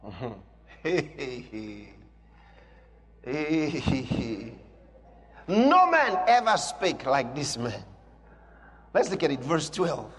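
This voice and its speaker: A man preaching a sermon as pastor, emphatic and drawn-out, rising now and then into a shout. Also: medium pitch, sing-song. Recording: long hall reverb.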